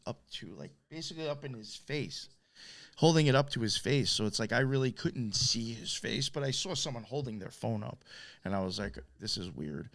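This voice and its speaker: A man with a New York accent co-hosting a podcast, telling a story in a loose, animated way, swearing and laughing often. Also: mid-range voice, no echo. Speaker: podcast co-host. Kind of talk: casual storytelling chat.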